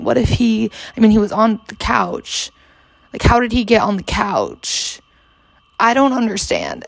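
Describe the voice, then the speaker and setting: Hungover young woman in her 20s rambling on her podcast, kinda gravelly, super dry sound. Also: medium pitch, dry recording. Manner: rambling, lots of fillers and swearing. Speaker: podcast host. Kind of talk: casual chat. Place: her bedroom.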